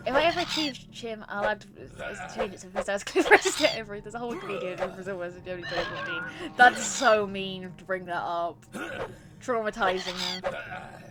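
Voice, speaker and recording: A woman's voice: mid-range voice, normal speed, a loud crowd. A young woman chatting with her stream chat while playing a game, reading messages aloud and laughing often. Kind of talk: casual gaming stream chat. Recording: streamed with loud game music.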